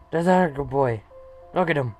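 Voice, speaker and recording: A man giving casual reaction commentary on an animated short, emotional and gushing, laughing often. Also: fairly high pitch.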